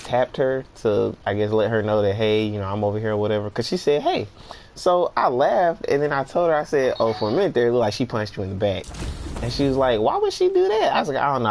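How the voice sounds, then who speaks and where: Man, young adult, gaming streamer, casual storytelling, animated, mid-pitched voice. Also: slight background noise. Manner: animated, laughing, swearing, voices quotes.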